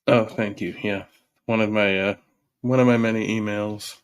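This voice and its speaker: A man's voice: lowish voice, fairly even intonation, normal speed, clear, resonant tone. A man hosting a live-stream podcast, making dry, amused, mocking remarks. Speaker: podcast host. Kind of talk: casual live-stream commentary.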